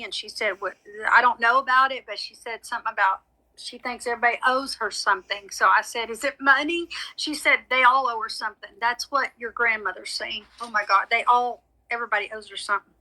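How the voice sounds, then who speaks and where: Bright-voiced woman giving a reading. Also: fairly high pitch, fast talker, low-quality recording. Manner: chatty, apologetic, frank. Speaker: psychic medium. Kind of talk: live social media reading.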